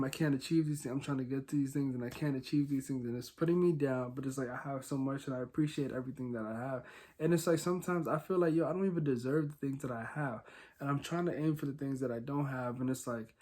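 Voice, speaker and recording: A young man hosting a solo podcast, talking casually and candidly, rambling with many fillers and swinging between quiet and loud. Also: on the high side. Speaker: podcast host.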